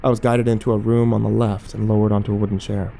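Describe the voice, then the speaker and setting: A man narrating a first-person horror story in a measured voice. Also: fairly low pitch, little pitch movement, creaky, warm tone, slight background noise.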